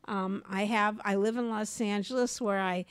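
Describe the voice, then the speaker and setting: An older woman, co-hosting a podcast and telling stories in an animated way, swinging from quiet asides to loud outbursts and laughing often. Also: medium pitch, normal speed, clean tone, dry recording, studio quality. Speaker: podcast co-host and comedy teacher. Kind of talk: animated conversational storytelling.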